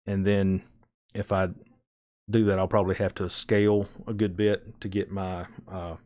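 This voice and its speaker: A man's voice: low voice, little pitch movement, moderate pace, darkish tone. A man with a fairly thick Southern American accent, chatting casually with viewers on a live stream and often restarting his words. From Southern United States.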